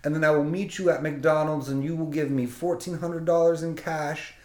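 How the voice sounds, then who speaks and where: A man's voice: fairly high pitch, fairly even intonation, voice pushed up, natural voice. A man putting on a raised, earnest mechanic. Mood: bargaining. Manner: earnest, reassuring, slow insistent repetition. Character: friendly Russian tow-truck mechanic, middle-aged man. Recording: roomy echo.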